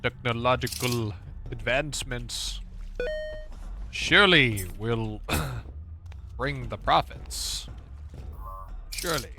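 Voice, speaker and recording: A man's voice: mid-range voice, takes it slowly, gravelly, long pauses. A man streaming a game, chatting casually and sarcastically to himself and his viewers, laughing and swearing often. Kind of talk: casual gaming commentary.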